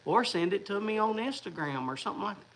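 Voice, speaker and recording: A man chats loosely with his viewers, wandering from one thought to the next. His voice sits fairly high and has a gravelly fry. It sounds bright, with a faint hum of room noise behind it. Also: lively intonation, fast talker, rough recording. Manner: rambling, chatty, restarts and fillers. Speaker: livestream host. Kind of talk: casual livestream chat.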